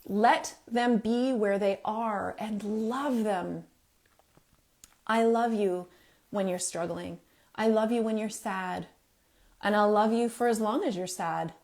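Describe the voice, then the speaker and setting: A woman's voice: on the high side, slow pace, a little mellow. A middle-aged woman giving earnest, emphatic advice to parents, with fillers and restarts. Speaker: parenting coach.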